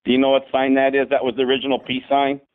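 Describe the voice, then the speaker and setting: A man's voice: medium pitch, monotone, rapid-fire. A man joining a livestream remotely, chatting casually and insistently explaining his point. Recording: tinny phone-like line.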